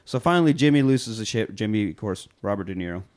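A man co-hosting a podcast, retelling a film scene with lively, profane energy and acted-out quotes. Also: on the low side, quick pace. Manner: animated storyteller, heavy swearing, acts out quotes. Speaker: podcast co-host. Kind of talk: casual film-review chat.

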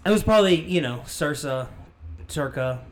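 A man's voice: fairly high pitch, normal speed. A man co-hosting a casual podcast, telling rambling, easygoing stories. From not from the area. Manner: relaxed rambling storyteller. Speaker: podcast co-host. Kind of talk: casual chat.

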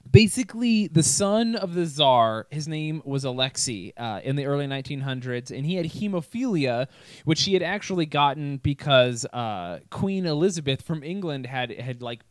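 A man's voice: mid-range voice, animated, moderate pace, clear, resonant tone, dry recording. A young man co-hosting a podcast, telling history stories in a loose, profane, laughing way. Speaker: podcast co-host. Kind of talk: casual chat.

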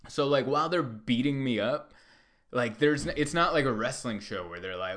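A man, a comedian, telling a long story in a rambling way with many fillers and loud bursts when he acts out other people. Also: mid-range voice, expressive, normal speed. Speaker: stand-up comedian. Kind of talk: storytelling monologue.

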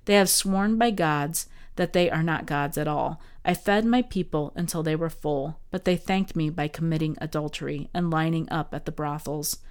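A woman hosting a daily Bible podcast, reading scripture aloud in an expressive, dramatic way. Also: low voice, moderate pace, hardly any pauses, clean tone.

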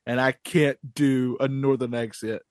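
A man's voice: medium pitch, steady tone, unhurried, a little mellow, no echo, studio quality. A man with a Southern US accent co-hosting a podcast, joking and mocking himself. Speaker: podcast co-host. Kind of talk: casual chat.

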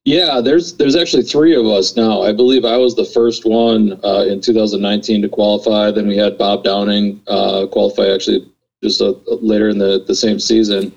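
A man's voice: lowish voice, steady tone, normal speed, vocal fry, a little mellow, lo-fi sound. A man from Wisconsin, a pro angler guest, answering in an easygoing way with many fillers over a remote line. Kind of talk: casual interview answers.

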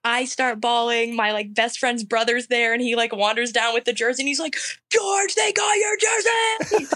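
A woman in her twenties, a softball pitcher, telling stories in a casual interview, animated and acting out what others said. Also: fairly quick. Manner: animated, acts out quotes, laughs often.

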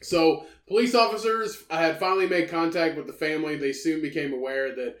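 A man's voice: fairly high pitch, fairly even intonation, fairly quick, fairly bright tone, roomy sound. A man co-hosting a podcast, casually recounting a news story in a laid-back way with lots of fillers. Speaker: podcast co-host.

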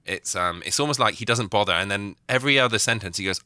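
A man co-hosting a casual film review chat, animated and laughing as he pokes fun at the movie. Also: on the low side, quick pace, no room sound, studio quality. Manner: animated, laughs while mocking accents. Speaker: film podcast co-host.

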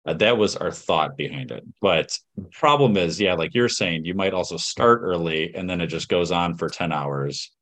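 A man's voice: deep voice, normal speed, hardly any pauses, a bit bright. A man hosting a podcast in an easygoing, rambling chat. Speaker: podcast host.

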